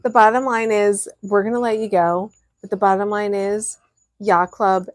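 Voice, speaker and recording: A woman's voice: mid-range voice, flat delivery, moderate pace, no echo. Exclaiming woman cruise vlogger. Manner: teasing, exclamatory. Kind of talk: casual chat.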